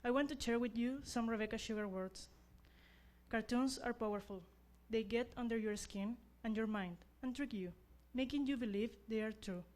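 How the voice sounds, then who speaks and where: Young woman, non-native English speaker, class rep at a graduation; slightly high voice, earnest and self-deprecating, halting phrasing. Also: a little mellow. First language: not English. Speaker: class representative. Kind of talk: graduation speech.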